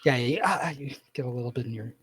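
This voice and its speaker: A man narrating a tabletop game as the game master, describing events in a casual, animated way. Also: mid-range voice, very fast, a little hiss or hum.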